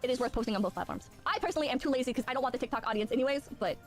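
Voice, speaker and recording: A woman streamer hands out casual, brisk advice and keeps checking in with "right?". Her voice sits a little high. Faint music plays softly behind her. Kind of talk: casual chat.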